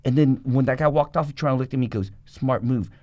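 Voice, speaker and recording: Fast-talking, profane middle-aged man. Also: medium pitch, dry recording. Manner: rapid, profane, animated storytelling. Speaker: guest. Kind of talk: storytelling interview.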